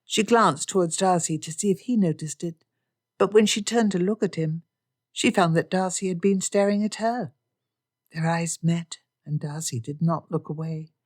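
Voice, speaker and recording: A woman narrates a Regency-style romance audiobook. Her storytelling is even and measured. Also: lowish voice. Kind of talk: scripted narration.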